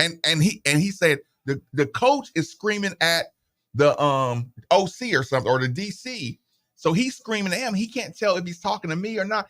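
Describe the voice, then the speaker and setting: This middle-aged man's voice runs a little high and fairly quick as he hosts a sports radio show. At the studio mic he tells relaxed, animated stories and acts out the people he quotes.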